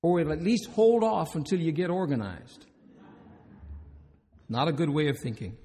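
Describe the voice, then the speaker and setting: A gravelly male chaplain speaks from a stage, his voice sitting a bit high for a man. He tells stories with dry humor and keeps asking the audience questions. A long reverb trails behind him in the conference hall. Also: sing-song, normal speed, mellow. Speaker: hospice chaplain and minister. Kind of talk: conference talk with storytelling.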